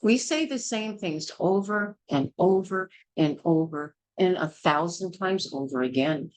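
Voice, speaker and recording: An older woman, a midwife, gives a blunt and forceful childbirth class lecture, scolding and repeating herself. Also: lowish voice, unhurried, rough recording. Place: small indoor class.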